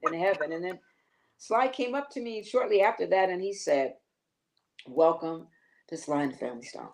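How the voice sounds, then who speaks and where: An older woman, a guest singer, telling a lively story on a talk show and acting out the quotes with laughter. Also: on the low side, moderate pace, slight background noise.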